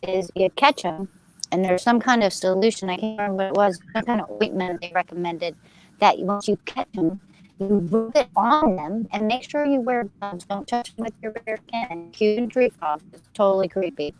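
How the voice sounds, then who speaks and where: A woman chatting casually with friends, telling her story in an animated, excitable way. Her voice sits at an ordinary middle pitch, with faint music in the background. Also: normal speed, rough recording. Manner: animated, gets fired up, acts out quoted voices; talks to listeners as "you guys".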